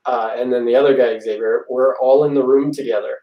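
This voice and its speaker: A man's voice: mid-range voice, steady tone, a little fast, highs cut off. Man telling a rambling story, echoey room. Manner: rambling, laughs often, acts out quotes. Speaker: guest magician. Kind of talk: casual storytelling. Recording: echoey room, far from the mic.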